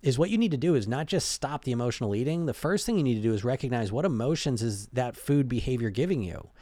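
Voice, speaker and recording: A man's voice: medium pitch, animated, fast talker, mellow, dry recording. A man giving a casual motivational talk as a weight-loss coach, conversational, restarting and repeating words as he goes. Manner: conversational, keeps asking "right?" and "you know?".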